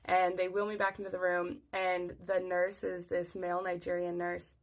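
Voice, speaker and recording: A woman's voice: fairly low pitch, completely flat delivery, normal speed. Chatty woman telling a storytime. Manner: chatty, full of "like", acts out what people said. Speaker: storyteller on social video. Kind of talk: casual storytime monologue.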